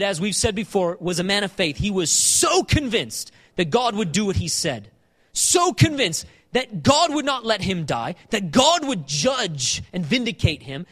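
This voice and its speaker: A man preaching a sermon, animated, repeating phrases and acting out the lines of scripture he quotes. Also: sits high, normal speed. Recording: long hall reverb.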